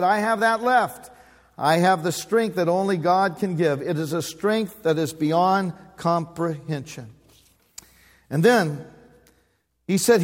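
A man's voice: on the high side, big-room sound. A man in his sixties preaching a sermon, folksy and humorous, with call-and-response. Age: 60s. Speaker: pastor. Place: church sanctuary.

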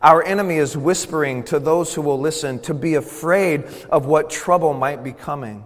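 A man preaching a sermon in a church sanctuary, his fairly high voice carrying a long reverb through the room. He reads a devotional, then builds to loud, emphatic preaching, stretching out key words slowly for weight. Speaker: pastor.

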